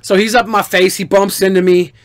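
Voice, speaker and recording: Animated, profane man telling stories. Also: high-pitched, brisk, dry recording. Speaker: streamer answering viewer questions. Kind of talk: casual storytelling.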